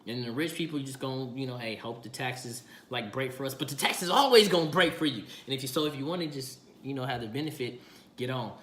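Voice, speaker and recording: A man's voice: medium pitch, fairly quick, a bit bright. A man ranting casually about politics, firing off rhetorical questions in slangy, emphatic speech. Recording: echoey room with faint noise.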